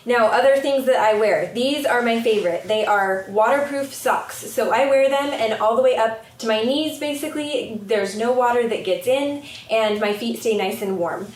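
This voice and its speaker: A woman's voice: fairly high pitch, moderate pace, few pauses. Distant, echoey woman explaining gear. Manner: friendly, chatty explaining with frequent ums. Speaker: paddleboarding instructor. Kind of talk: casual instructional video. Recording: echoey, distant from the camera mic.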